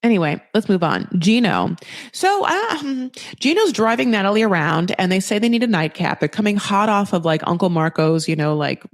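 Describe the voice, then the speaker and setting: A woman's voice: mid-range voice, animated, normal speed, dry recording. A woman hosting a podcast, recapping a reality TV show in a chatty, sarcastic, freely swearing way with plenty of fillers. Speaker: podcast host.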